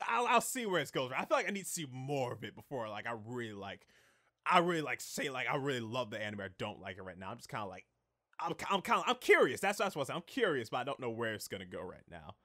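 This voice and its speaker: A man's voice: medium pitch, sing-song, quick pace, pushed and bright. A young man in casual chat, talking hesitantly with lots of fillers and restarted phrases. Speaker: co-host.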